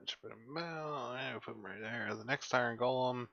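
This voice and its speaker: A man running a tabletop game as game master, giving quiet, low-key rulings and sometimes drifting off the mic. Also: normal speed, gravelly, no room sound, highs cut off.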